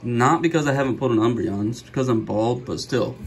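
A middle-aged man hosting a card-opening video, chatting casually and joking, with sudden gasps and bursts of excitement. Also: medium pitch, fairly quick, a little hiss or hum, low-quality recording. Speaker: card-opening channel host. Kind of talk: casual pack-opening commentary.

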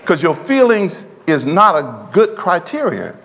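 Animated preacher man in echoing church. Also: a little high, measured pace. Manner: call-and-response preaching, often asking the congregation for an amen. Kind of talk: sermon. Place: church sanctuary. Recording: long hall reverb in a church.

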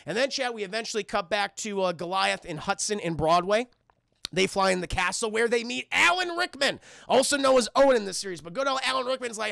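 A man with a high voice and a sharp, bright tone walks his live chat through a cartoon episode. He rambles, swears, and keeps calling out to chat while acting out the characters' lines. The sound is dry and close. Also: creaky, no echo. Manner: acts out characters' lines in quick asides. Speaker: streamer reviewing a cartoon.

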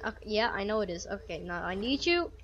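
A woman's voice: mid-range voice, big pitch swings, fairly quick, lo-fi sound, background noise. A woman giving casual, chatty commentary while playing a police game, often laughing and talking to the characters. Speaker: gamer playing a police sim.

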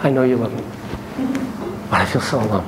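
A man acting out a hurt, lonely wife in a couples therapy role play. She talks softly and haltingly, pleading to be heard. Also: mid-range voice, background noise, voice pushed down, natural voice. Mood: plaintive.

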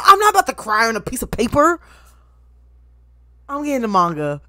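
A woman hosting an anime reaction video, ranting excitedly and swearing freely at her viewers. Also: a little high, moderate pace, long pauses, no echo, clean studio sound. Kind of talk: casual reaction commentary.

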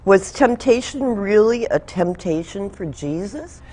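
A woman's voice: mid-range voice, expressive, a little slow, darkish tone, breathy edge. A woman co-host politely introducing a question segment and asking the pastor about scripture. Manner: polite, inquiring.

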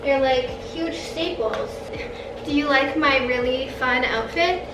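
A woman's voice: sits high, slow, over music. A young woman in her twenties, rambling chattily with lots of "like" as she shows off her bedroom makeover in a casual home vlog. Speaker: vlogger.

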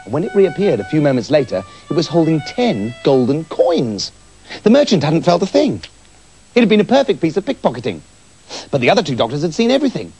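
Animated husky male storyteller. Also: fairly high pitch, brisk, soft background music. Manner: animated, giggling at his own tale. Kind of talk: comic storybook narration.

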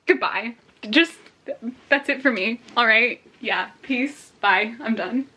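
A woman's voice: on the high side, slow, sharp tone, a little hiss or hum. A young woman vlogging her reactions to a book, gushing and emotional and laughing often. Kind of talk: casual reading reaction vlog.

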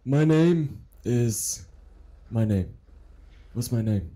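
A man's voice: mid-range voice, lively intonation, very slow, dark tone. A man playing a confused, forgetful elderly man who stammers and repeats himself during a role-played traffic stop. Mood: confused, muddled. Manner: hesitant and repetitive, stammering. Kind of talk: role-play driving stop.

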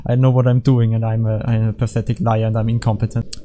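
Rambling, dark-voiced man commenting on gameplay. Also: fairly low pitch, flat delivery, quick pace, slight background noise. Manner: rambling, self-mocking, easily distracted jokes. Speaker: gaming commentator.

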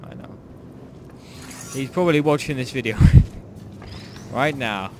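A young man from Ireland rambles through a co-op game session, mid-range in pitch. He jokes around and keeps restarting his sentences, with faint noise under his voice. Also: takes it slowly. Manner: rambling, jokey, trailing off and restarting. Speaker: gaming channel host. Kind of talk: casual gameplay chat.

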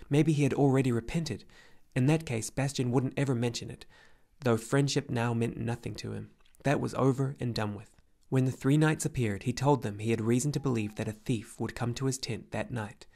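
A man reading a fantasy novel aloud as an audiobook narrator, in an even, measured way. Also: mid-range voice, creaky. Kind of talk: scripted narration.

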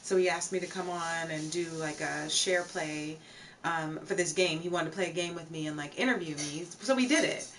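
A woman's voice: deep voice, moderate pace, fairly bright tone. A young woman chatting casually on a live stream, greeting viewers from chat as she talks. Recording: slightly distant mic, faint background noise.

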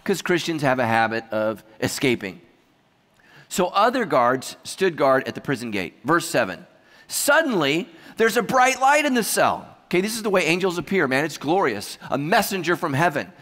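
A man preaching a sermon as pastor, telling stories with humor and lively asides. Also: a little high, normal speed, big-room sound. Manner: humorous, animated storytelling with asides.

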